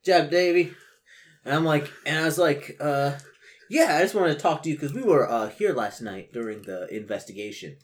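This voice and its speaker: A man's voice: fairly high pitch, animated, brisk. A man playing in a tabletop role-play game, laughing and stammering into in-character quotes. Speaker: player.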